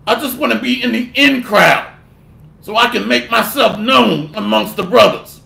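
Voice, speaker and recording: A preacher delivers a fierce, scolding sermon at normal speed in a strikingly high, gravelly voice. Sharp and bright in tone, he rebukes his listeners and mocks them with put-on voices. The recording sounds like it was made in an echoey room.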